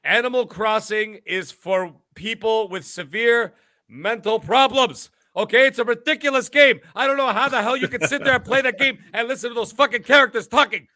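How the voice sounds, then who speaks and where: A man co-hosting a podcast, ranting loudly with crude jokes in casual banter. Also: very high-pitched, normal speed, no room sound. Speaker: podcast co-host.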